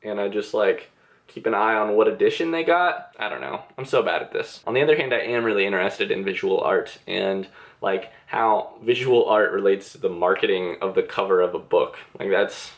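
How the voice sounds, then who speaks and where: A man's voice: on the low side, moderate pace. A young man casually answering viewer questions in a vlog from his bedroom, chatty and self-deprecating, with many filler words. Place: bedroom with reading chair.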